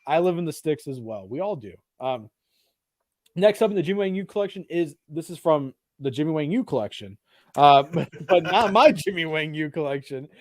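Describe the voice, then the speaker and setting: A man co-hosting a casual film chat show, animated and swearing freely. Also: a little high, a little fast, dry recording. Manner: animated, swears freely, does mocking put-on voices. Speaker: podcast co-host. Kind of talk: casual chat about films.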